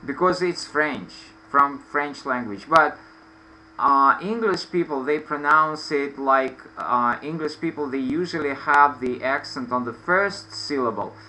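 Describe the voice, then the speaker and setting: Man, english teacher, slow speech, very bright tone, faint background noise, video call. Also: a little high, low-quality recording. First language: Russian. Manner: slow, explaining patiently with many fillers. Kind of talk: online lesson.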